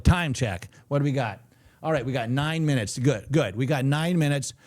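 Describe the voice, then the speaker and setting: A man's voice: mid-range voice, moderate pace, darkish tone. A middle-aged man hosting a casual live trading stream, chatty and jokey, reading viewer comments aloud. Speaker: trading show host.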